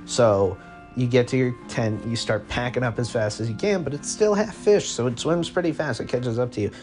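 A man's voice: mid-range voice, moderate pace, darkish tone, soft background music. A man hosting a podcast and telling a comedic story in second person, rambling, cursing and cutting himself off. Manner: rambling, profane, self-interrupting. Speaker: podcast host.

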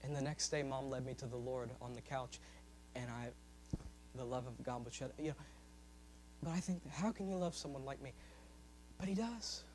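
A man preaching a sermon, swinging from loud, high-pitched emphasis to soft, low asides. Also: moderate pace, pauses often, slight background noise, poor audio.

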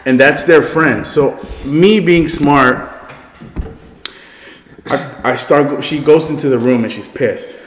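A man's voice: medium pitch, slow, pauses often. A man recounts a story in loose, profane casual chat, cracking himself up along the way. The room rings with a long, echoey tail, and a faint hiss sits underneath. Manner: profane, animated, breaks into loud laughter.

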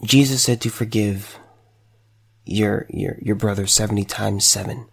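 A man's voice: fairly low pitch, fairly even intonation, unhurried, vocal fry, husky. A man speaking emotionally to the camera, stammering and repeating words as he struggles to hold back tears. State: choked up, fighting back tears. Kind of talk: emotional direct-to-camera commentary.

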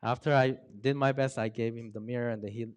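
A man telling a personal testimony in an earnest, halting storytelling manner, with frequent pauses and ums. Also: mid-range voice, fairly even intonation, clean tone. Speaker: speaker sharing a personal testimony.

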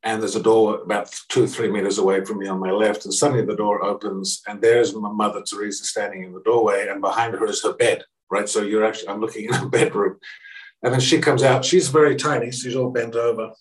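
A middle-aged man tells a personal story with animated energy. He acts out the people he quotes, and his voice leaps in pitch when he does. He sounds set back from the mic in an echoey room. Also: a little fast, recorded from a distance. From Australia. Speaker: speaker. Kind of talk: anecdotal storytelling.

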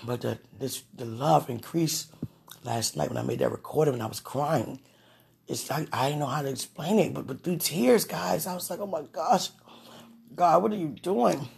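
Woman with a gravelly voice, giggly and gushing, for casual vlog talk and prayer. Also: rumbling low, normal speed. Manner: giggly, gushing, breathless exclamations.

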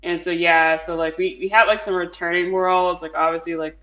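Bright-voiced chatty man, lo-fi sound. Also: sits high, level tone, brisk. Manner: rambling, many fillers, laughs often. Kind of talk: casual chat.

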